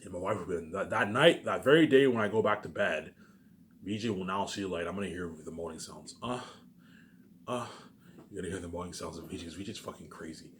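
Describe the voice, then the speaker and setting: This low-voiced Canadian vlogger talks briskly to camera on his own, and the recording has a little hiss or hum. He rambles and repeats himself, swears often, and keeps hammering his points, saying "obviously" over and over.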